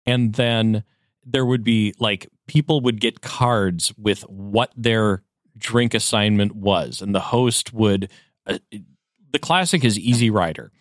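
Male co-host, rambling storyteller, lower register, dry mic. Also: slow, no echo. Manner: rambling, self-correcting. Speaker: podcast co-host. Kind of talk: casual chat, storytelling.

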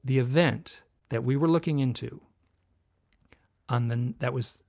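A middle-aged man, a guest author, tells a personal story in an earnest, halting way with many restarts. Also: medium pitch, gravelly, a little mellow. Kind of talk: casual interview storytelling.

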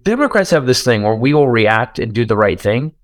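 A man in a casual political chat, animated and profane, getting loud to make a point. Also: medium pitch, fairly quick, no room sound, clean studio sound. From United States.

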